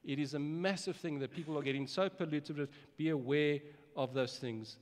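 Man, pastor preaching, earnest and emphatic, slightly high voice, long hall reverb. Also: normal speed. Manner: earnest, emphatic, repeats words when starting phrases. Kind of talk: sermon.

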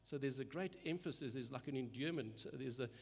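Earnest preacher in a reverberant hall. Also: male voice, mid-range voice, brisk, slightly rough. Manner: earnest, repeats words, rises and falls for emphasis. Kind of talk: sermon.

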